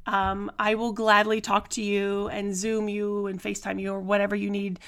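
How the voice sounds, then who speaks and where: A woman's voice: mid-range voice, completely flat delivery, moderate pace, a bit bright, clean tone. A woman hosting her own podcast, telling family stories in a chatty way, often laughing and using fillers. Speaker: podcast host. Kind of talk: casual solo podcast storytelling.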